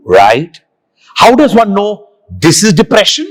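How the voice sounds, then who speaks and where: Chatty man hosting, high voice. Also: wildly swooping pitch, a little slow. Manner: chatty, asks open questions. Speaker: interview host. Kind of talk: conversational interview.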